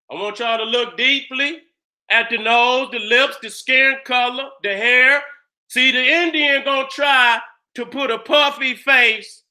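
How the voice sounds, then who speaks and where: A fiery man lecturing in a very high, piercing voice. He is blunt and profane, keeps checking that his audience is following, and breaks into shouts for emphasis. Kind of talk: fiery presentation.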